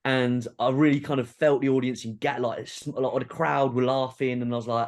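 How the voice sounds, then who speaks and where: A man's voice: mid-range voice, steady tone, fairly quick. A man in his thirties with a Geordie accent, a podcast guest telling rambling, self-deprecating anecdotes in casual chat.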